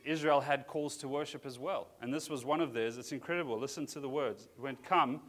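A man's voice: mid-range voice, fairly quick. A man preaching a sermon as a pastor, talking in an earnest, conversational way with frequent restarts.

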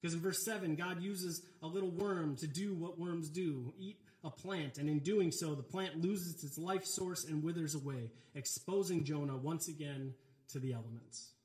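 A man's voice: fairly high pitch, a little mellow. A male pastor preaching a sermon in a conversational style, with relatable asides and casual filler words. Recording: roomy, echoey hall.

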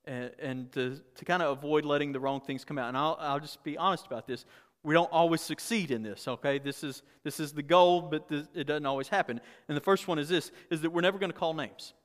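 A pastor preaching a candid, conversational sermon with humor and frequent restarts. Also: male voice, a little high, fairly quick, big-room sound.

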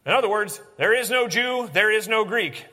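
A man preaching a sermon, swinging from animated emphasis to hushed, intense lines. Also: high voice, normal speed, in a large hall. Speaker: pastor.

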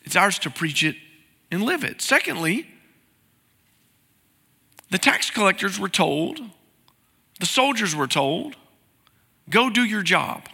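A man's voice: high voice, sing-song, slow pace, creaky, pauses often, sharp tone, husky, in a large hall. A man preaching a sermon as pastor, in a conversational style full of rhetorical questions, recorded in a church sanctuary.

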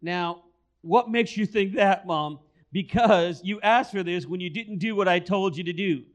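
A man's voice: high-pitched, unhurried. A man preaching a sermon, telling a story and repeating key phrases for emphasis. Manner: storytelling, acts out quoted voices.

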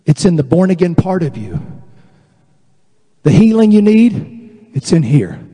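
A man with a Southern US accent preaching a sermon as a pastor, acting out voices and dropping into slow, emphatic lines. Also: high voice, big pitch swings, dark tone, husky. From American South. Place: church sanctuary. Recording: long reverb in a large church hall.

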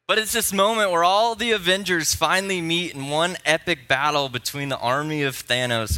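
Brief: male pastor preaching in church, bright tone, playful, geeky, excitable. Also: a little high, normal speed, hardly any pauses. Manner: playful, excitable, self-deprecating, nerdy enthusiasm. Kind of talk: sermon. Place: church sanctuary.

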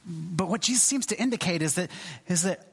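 A man giving a sermon as a pastor, in a conversational, halting way with many restarts and asides. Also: high-pitched, lively intonation, vocal fry, breathy edge. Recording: long hall reverb.

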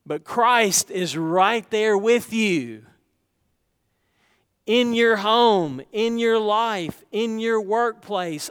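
A man's voice: high voice, very slow, fairly bright tone, smooth, in a large hall. A middle-aged man preaching a sermon, talking conversationally and asking the congregation rhetorical questions. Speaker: pastor.

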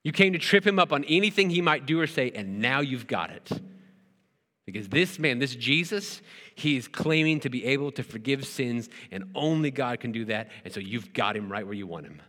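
A man delivers a sermon in a church, talking to the congregation in a conversational way. His voice is bright and forceful. It rings with a long reverb off the hall, and he keeps stopping to ask rhetorical questions. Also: medium pitch. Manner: earnest, conversational preaching with repeated words and rhetorical questions. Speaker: pastor.

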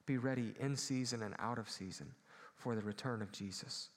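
A Midwestern pastor preaches to his church in an earnest voice, often pausing to ask for an amen. His voice sits at an ordinary middle pitch for a man. The sound carries a long reverb from the hall around him. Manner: earnest preaching, calls for amens. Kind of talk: sermon.

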